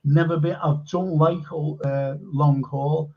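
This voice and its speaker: A man's voice: on the high side, fairly even intonation, takes it slowly, dull audio, soft background music. A man hosting a live-stream chat, telling stories enthusiastically with lots of fillers. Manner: rambling, enthusiastic storytelling with many fillers. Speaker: host.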